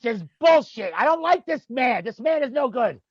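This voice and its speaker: A man doing a shrill, foul-mouthed angry elf. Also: lively intonation, normal speed. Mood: ranting. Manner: gruff, swearing, ranting. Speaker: roast guest. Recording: dull lo-fi audio with background noise.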